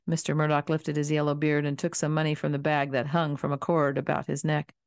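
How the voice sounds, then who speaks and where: A woman narrating a children's novel in a calm, steady storybook reading. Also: deep voice, brisk, smooth, dry recording. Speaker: audiobook reader.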